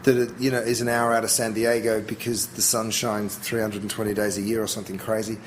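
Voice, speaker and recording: A man's voice: fairly low pitch, level tone, brisk, slight background noise. A middle-aged Australian man, a chef being interviewed, talking casually and thinking aloud with frequent restarts. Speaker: chef guest.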